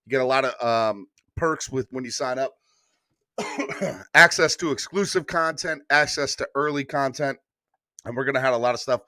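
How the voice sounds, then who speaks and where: A man's voice: mid-range voice, bright, forceful tone, no room sound, clean studio sound. A man hosting a live-streamed sports morning show, hyped and repeating calls to like and subscribe. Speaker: sports podcast host.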